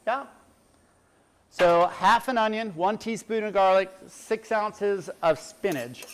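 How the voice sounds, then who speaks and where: A man's voice: sits high, takes it slowly, a bit bright, slight background noise. A middle-aged man, a chef, giving a chatty cooking demonstration and explaining each step as he works. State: teary from onions.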